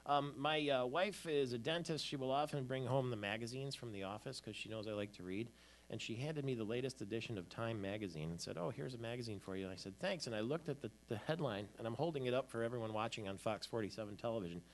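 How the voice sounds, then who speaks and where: A man's voice: mid-range voice, quick pace. A man hosting a morning show, chatting casually about the news with frequent fillers. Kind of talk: casual chat and news talk.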